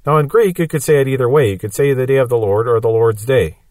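Male Bible teacher, steady mid-range voice, patient explainer, dry close sound. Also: mid-range voice, fast, dry recording. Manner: patient explaining with everyday examples.

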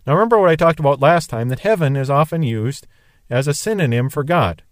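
A man's voice: a little high, animated, a little fast, dry recording, clean studio sound. A man teaching verse by verse from the Bible, explaining in a musing, conversational way.

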